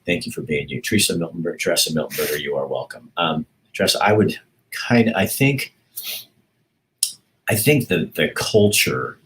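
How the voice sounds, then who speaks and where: Really deep-voiced guy doing a casual livestream chat, rambles and trips over his words a lot. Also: fairly bright tone, a little hiss or hum. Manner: rambling and self-interrupting, with laughs. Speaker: livestream host reading viewer comments.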